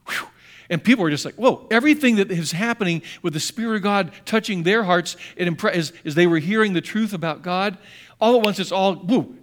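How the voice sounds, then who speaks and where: High-pitched male pastor, dramatic sermon delivery, acts out quotes. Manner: dramatic, acts out quotes, shifts from loud to hushed.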